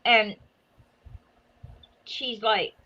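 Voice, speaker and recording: A woman from Arkansas chatting casually and telling animated stories. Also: on the high side, very slow, highs cut off. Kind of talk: casual chat.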